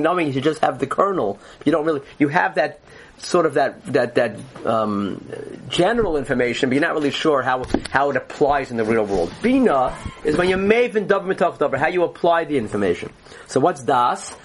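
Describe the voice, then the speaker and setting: A man's voice: on the high side, slight background noise, rough recording. A man teaching a Torah class, earnestly explaining ideas and often restarting his phrases.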